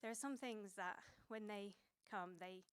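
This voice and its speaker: A woman's voice: mid-range voice, unhurried, clean tone. A woman in her thirties preaching a sermon in a conversational way, with many fillers and restarts.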